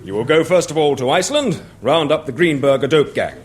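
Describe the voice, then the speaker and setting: A man's voice: on the high side, expressive, fairly quick, lightly acted. A man playing a commanding spymaster who hands out assignments in a 1960s radio comedy sketch. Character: brisk male spymaster, the hero's superior.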